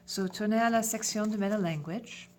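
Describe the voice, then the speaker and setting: A woman teaching a French lesson in English, giving clear step-by-step instructions. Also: mid-range voice, brisk, slight background noise. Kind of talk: classroom lesson.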